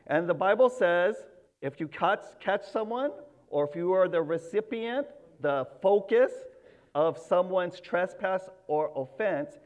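A man preaching a sermon in an earnest, emphatic way, repeating key words to drive them home. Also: high voice. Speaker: pastor. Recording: dull lo-fi sound.

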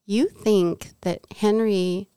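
A woman's voice: mid-range voice, takes it slowly, smooth, dry recording. A middle-aged woman from Southern California, a guest telling a personal faith story and acting out what people said. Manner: animated storyteller, acts out quoted dialogue. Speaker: podcast guest.

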